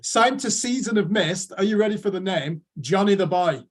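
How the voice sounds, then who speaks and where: A man's voice: high voice, animated, moderate pace. A man with a northern English accent, co-hosting a music chat show in a chatty, amused way. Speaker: co-host. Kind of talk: casual chat, listing releases.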